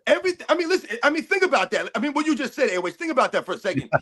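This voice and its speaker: A man co-hosts a sports rant stream, firing off heated rhetorical questions. His voice is very high for a man and bright, forceful and tense. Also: sing-song, rapid-fire. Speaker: co-host.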